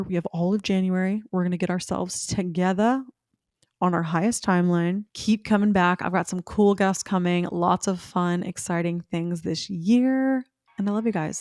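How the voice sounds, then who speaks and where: A young woman hosting a casual spiritual podcast, chatty and rambling, talking fast with an upbeat, affectionate tone toward her listeners. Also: fairly low pitch, darkish tone, dry recording, studio quality. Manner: fast-talking, slowing down at times. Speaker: podcast host.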